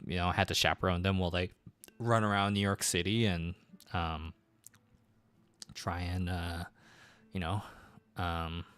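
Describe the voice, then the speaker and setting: A man's voice: low voice, level tone, measured pace, long pauses, fairly bright tone, clear, resonant tone, dry recording. A man streaming while drawing, telling stories in a rambling, casual way with many fillers and restarts.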